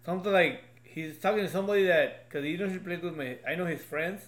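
Dad telling stories, lots of "like", echoey room. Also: male voice, fairly high pitch, fast talker, a bit bright. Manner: loose, anecdotal, repeats "like". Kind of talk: casual podcast chat.

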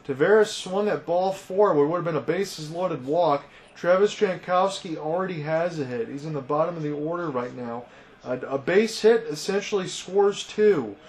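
A man with a notably high voice calls baseball play by play on a fan-run broadcast. He breaks each pitch down evenly, then rises into loud, thrilled calls when the ball is hit deep. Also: moderate pace. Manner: calm analysis that rises to loud excited calls on big hits. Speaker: play-by-play commentator.

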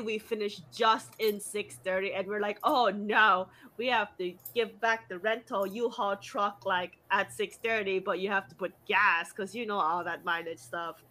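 Young woman rambling a story, high bright voice, says like a lot, laughs and swears. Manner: animated, lots of "like", jumps high for quoted voices; swears casually, laughs often. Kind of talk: casual storytelling chat.

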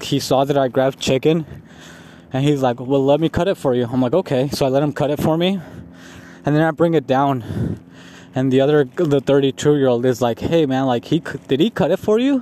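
A man's voice: mid-range voice, warm tone. A young man telling a long, rambling, profane story in a casual vlog, laughing often as he talks. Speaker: vlogger.

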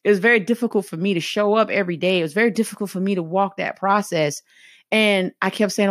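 Speaking fast in a mid-range voice, a middle-aged Southern US woman who works as a motivational speaker talks earnestly and conversationally to her viewers, narrating her own thoughts along the way. The studio sound is clean and echo-free.

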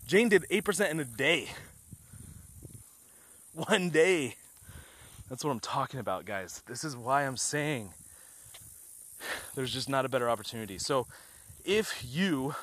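A man delivering an enthusiastic sales pitch for a trading group, emphatic, repeating his points and firing off rhetorical questions. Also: fairly bright tone, breathy edge. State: a little out of breath.

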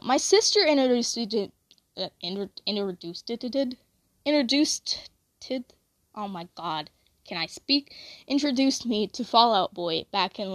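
A woman's voice: on the high side, no echo, studio quality. A young woman chatting casually, rambling with lots of "like" and self-corrections.

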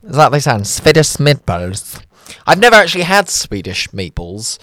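Male radio host, chatty and self-mocking, very lively pitch. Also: moderate pace, no echo. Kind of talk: casual radio chat.

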